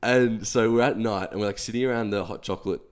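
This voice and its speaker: Young aussie guy on a podcast, kinda low voice, rambling self-deprecating chat. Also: fairly even intonation, fast talker, clear, resonant tone. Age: young adult. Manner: rambling, self-deprecating storytelling with many fillers. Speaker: podcast co-host. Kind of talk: casual chat.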